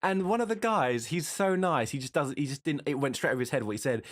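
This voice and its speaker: A man's voice: on the high side, quick pace, dry recording, clean studio sound. A man co-hosting a casual podcast, telling stories in a rambling way with lots of fillers and restarts. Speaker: podcast co-host. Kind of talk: casual chat. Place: home streaming setup.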